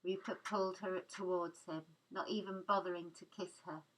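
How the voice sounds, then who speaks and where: A woman reading extracts of a novel aloud in a measured, deliberate manner. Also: lowish voice, fairly even intonation, a bit bright, low-quality recording. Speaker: reader.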